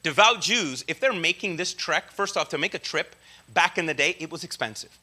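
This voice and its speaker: Bright, high-voiced preacher man. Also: lively intonation, brisk, slightly rough. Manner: conversational, slangy, lots of asides and check-ins. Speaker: preacher teaching a Bible study. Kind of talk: casual teaching sermon.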